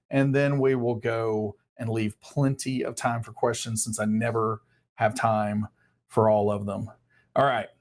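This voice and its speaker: Male host, casual live-stream update, relaxed and chatty, mid pitch. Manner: casual, friendly, a few uh fillers.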